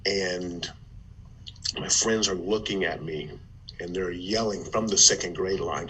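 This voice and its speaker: Low-voiced storytelling man from Ohio. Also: unhurried, a little hiss or hum, poor audio. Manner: animated, with stammered restarts. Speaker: guest, former football player turned motivational speaker. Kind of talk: conversational storytelling.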